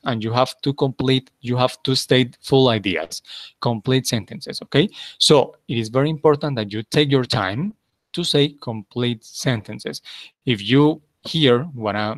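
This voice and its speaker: A man's voice: mid-range voice, no echo. A man teaching an English class, patiently repeating his instructions and checking in with his students.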